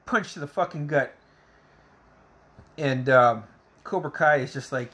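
A man's voice: mid-range voice, slow pace, long pauses, a bit bright. Guy swearing nonstop while he recaps a movie, rambly, does little voices for the quotes. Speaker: movie reviewer. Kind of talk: casual profane movie recap.

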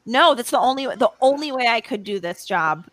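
A woman chatting as a podcast guest, talking in rambling bursts with many restarts and quick laughs. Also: fairly high pitch, animated, fairly bright tone, no echo. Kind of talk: casual podcast chat.

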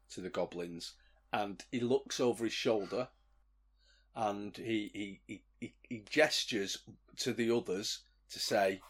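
A man's voice: on the low side, breathy edge. A man playing in a tabletop game, narrating his character's actions with stumbles and restarts. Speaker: player. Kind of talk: tabletop role-play chat.

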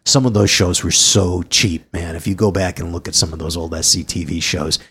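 A man co-hosting a podcast in loose, rambling conversation. His voice sits low with a gravelly, husky grain. He drifts through his points with frequent fillers. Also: fairly even intonation, brisk, a bit bright. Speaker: podcast co-host. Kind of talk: casual chat.

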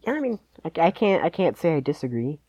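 A man's voice: a little high, sing-song, fast, mellow, dry recording, highs cut off. Guy rambling through sports picks on a podcast, lots of likes and ums, dead dry sound. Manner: rambling, hedging, many "like"s. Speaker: podcast co-host. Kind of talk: casual sports chat.

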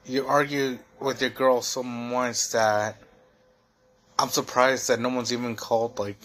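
A man's voice: medium pitch, little pitch movement, unhurried, a bit bright. A young man hosting a solo podcast, venting in a heated, profane, rambling way full of fillers. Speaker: podcast host.

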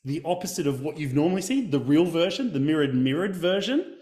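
A man talking as a guest in a casual podcast interview, animated and storytelling. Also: on the high side, brisk, reverberant. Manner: animated, storytelling, acts out quotes. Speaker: guest, video coach.

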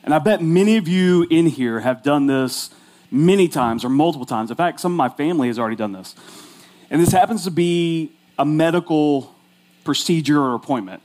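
A pastor in his forties tells a story in his sermon with a chatty, self-mocking delivery, dropping "like" into his lines. His voice sits a little higher than most men's. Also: brisk, darkish tone. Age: 40s.

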